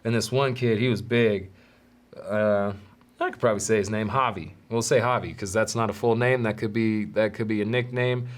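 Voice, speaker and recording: Speaking with a fairly low pitch, a steady tone, and a moderate pace, a man tells childhood stories on the podcast he hosts alone. His style is candid, meandering, and self-mocking.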